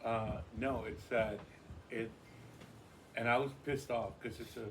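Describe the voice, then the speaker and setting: A man co-hosting a podcast, telling a profane, animated story in casual chat. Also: mid-range voice, unhurried, slight background noise. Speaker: podcast co-host.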